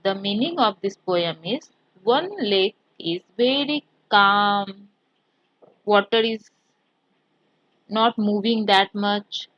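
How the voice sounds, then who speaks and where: A woman teaching a maths lesson to children, explaining slowly step by step and slipping in Hindi words. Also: mid-range voice, dry recording, dull audio.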